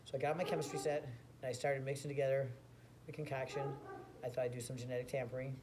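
A man tells an absurd tall tale in a rambling, mock-boastful way. His voice has an ordinary, mid-range pitch for a man. A faint background hiss sits under the recording. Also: flat delivery, quick pace. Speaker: comedy storyteller.

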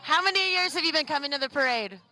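A woman at a street parade fires off friendly, quick questions to passers-by. Her voice is high and sharply bright. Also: animated, a little hiss or hum. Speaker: street interviewer. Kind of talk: casual on-the-street interview.

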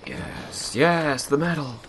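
A man's voice: a little high, slow pace, background noise. A young man co-hosting a let's play, teasing his partner and explaining the game mechanics in casual commentary. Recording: game music behind.

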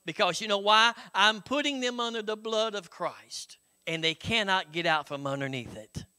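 A man's voice: sits high, lively intonation, moderate pace, pushed and bright, clean tone. A middle-aged man preaching a sermon as pastor, in a folksy, conversational way with frequent "Hello?" call-outs and chuckles.

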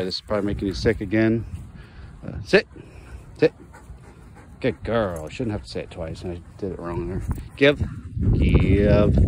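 A man from Oregon filming himself training his dog outdoors on a handheld phone, talking quietly to the camera and calling out high and excited to the dog. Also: noisy background. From Oregon, USA. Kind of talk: casual vlog narration. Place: outdoors, playing fetch with a dog.

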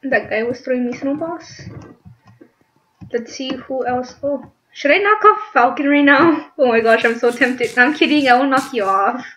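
High-voiced giggly young woman gamer. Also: normal speed, a bit bright. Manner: chatty, giggly, squeals when startled. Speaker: gaming channel host. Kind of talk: casual gameplay commentary. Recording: dull lo-fi mic with faint noise.

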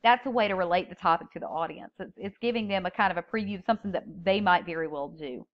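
A woman's voice: fairly low pitch, fast talker, highs cut off. Woman lecturing on public speaking. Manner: explains step by step, stresses key words when reading examples. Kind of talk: recorded lecture.

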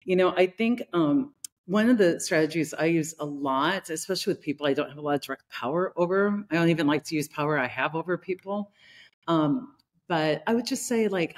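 A middle-aged woman talking in a relaxed conversational podcast, telling a workplace story and acting out the people in it. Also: low voice, moderate pace. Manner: animated, acts out quoted people in her stories. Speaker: leadership consultant and host.

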